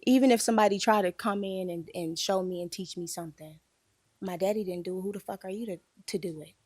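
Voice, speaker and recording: A woman's voice: medium pitch, fast talker, a little mellow, husky, no echo, clean studio sound. A woman telling a painful personal story in a candid group conversation, emotional and holding back tears.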